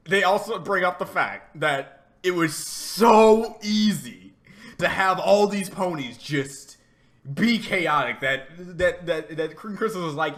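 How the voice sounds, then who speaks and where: A man giving a rambling, animated reaction commentary, laughing often and repeating himself as he talks. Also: high voice, a little slow. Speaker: reaction video host.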